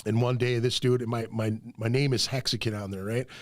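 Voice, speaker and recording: A man's voice: medium pitch, fairly even intonation, fairly quick, no room sound. A man in his fifties hosting a podcast, swearing freely and telling stories with laughs in casual chat. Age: 50s. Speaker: podcast host. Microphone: studio mic.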